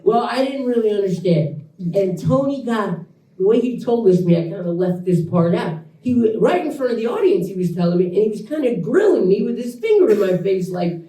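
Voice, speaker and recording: A man in his forties, an actor guest at a live Q&A, telling an animated anecdote, laughing as he acts out what people said. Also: high-pitched, a little fast. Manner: animated storyteller, laughs through lines, acts out quotes. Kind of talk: live Q&A storytelling. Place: event room with audience. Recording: echoey room, mic at a distance.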